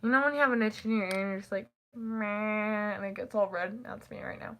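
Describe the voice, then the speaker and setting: Rambling teen girl, bright voice. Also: medium pitch. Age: teens. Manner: rambling, full of "like", quick laughs. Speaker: vlogger. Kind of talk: casual chat to camera.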